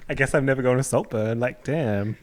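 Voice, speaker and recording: A man's voice: medium pitch, a little fast. A man guesting on a podcast, chatting in a playful, jokey way. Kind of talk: casual chat.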